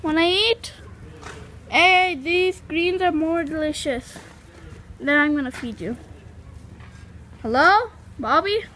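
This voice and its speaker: A female host giving casual gameplay commentary, chatting and calling out loudly to her pets. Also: very high-pitched, slow pace, pauses often. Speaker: gaming channel host. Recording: clear background noise.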